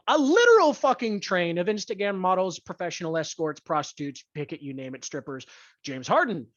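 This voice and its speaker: A podcast host in a profane sports rant, angry, crude and blunt, stressing key words with deliberate emphasis. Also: medium pitch, sing-song, dry recording. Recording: dull lo-fi dry recording.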